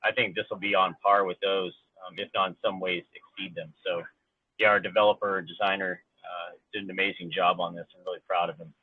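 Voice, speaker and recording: A man's voice: low voice, level tone, brisk, slightly rough. A man co-hosting a casual podcast, chatty and enthusiastic, laughing between his points. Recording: tinny phone-like line with faint noise.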